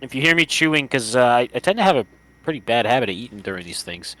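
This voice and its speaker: A man co-hosting a game playthrough in casual banter, animated and swearing freely. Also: mid-range voice, fast talker. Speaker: co-host playing a game.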